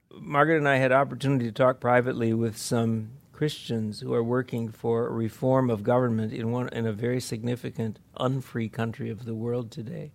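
A man with a gravelly voice speaks earnestly to an audience. He is heartfelt, and his voice often breaks into laughter or emotion. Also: mid-range voice. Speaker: speaker at a conference. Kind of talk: informal talk.

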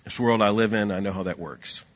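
A man preaching a sermon, swinging between loud emphatic lines and hushed low asides, with a husky voice. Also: fairly even intonation, a little fast. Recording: long hall reverb.

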